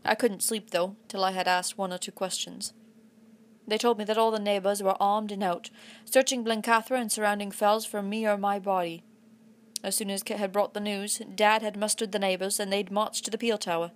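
A woman narrating a children's adventure story aloud in a put-on English accent, with a steady storytelling delivery. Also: medium pitch, normal speed. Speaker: audiobook reader.

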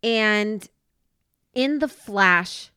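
A woman's voice: mid-range voice, lively intonation, very slow, pushed and bright, clean tone, no room sound, clean studio sound. A woman co-hosting a casual movie podcast, joking and rambling through a plot retelling. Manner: playful, giggly, rambling retelling. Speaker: podcast co-host. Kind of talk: casual movie-review chat.

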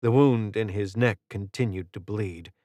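Low-voiced male audiobook narrator. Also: a little slow, warm tone, no echo. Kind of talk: scripted narration.

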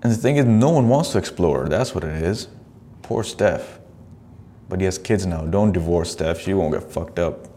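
Over slight background noise, a deep-voiced man hosts a casual podcast at a moderate pace. Watching video clips, he swears, mocks what he sees, and throws in animated asides.

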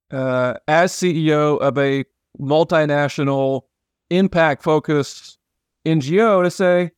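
A man's voice: a little high, clear, resonant tone, no echo, studio quality. A man hosting a podcast, joking and rambling with frequent restarts in casual chat. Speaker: podcast host.

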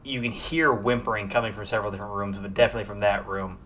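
A man's voice: fairly low pitch, fairly even intonation, racing, fairly bright tone, slight background noise. A man narrating as game master of a tabletop game, loose and rambling with many fillers.

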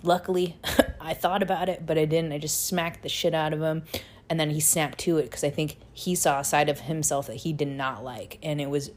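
Low-pitched young woman host, blunt and profane, casual storytelling full of filler words. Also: fairly even intonation, a little fast. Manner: blunt and profane, heavy use of "like". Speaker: podcast host telling her life story.

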